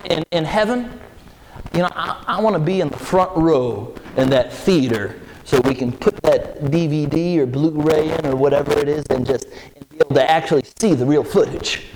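A man preaching a sermon, reading scripture and talking in an animated, conversational way with sudden jumps in pitch. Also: slight background noise, rough recording. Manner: animated, with emphatic leaps in pitch; conversational asides and restarts.

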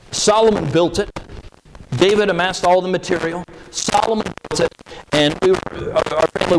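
A man preaching a sermon, reading scripture and talking in an animated, conversational way with sudden jumps in pitch. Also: background noise. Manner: animated, with emphatic leaps in pitch; conversational asides and restarts.

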